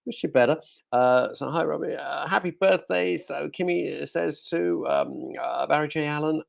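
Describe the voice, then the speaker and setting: A man's voice: on the high side, moderate pace, gravelly, muffled recording. A male radio host chatting casually in a studio, cracking jokes and reading out listener messages. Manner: jokey, rambling, talks to himself.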